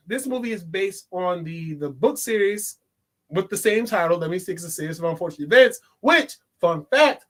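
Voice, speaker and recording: High-voiced young man rambling chattily. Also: fairly bright tone. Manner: rambling, chatty, joking asides and frequent restarts. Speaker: movie reviewer. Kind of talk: casual vlog monologue.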